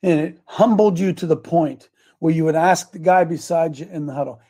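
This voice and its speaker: Gravelly older man, folksy faith talk. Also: fairly high pitch, moderate pace, dark tone. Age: 70s. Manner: folksy, rambling, chuckling, speaks straight to viewers. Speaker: host of a daily faith talk show. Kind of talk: casual devotional talk.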